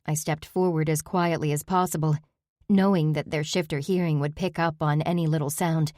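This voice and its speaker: Audiobook narrator, woman, low-pitched, steady first-person reading. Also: moderate pace, no echo, studio quality.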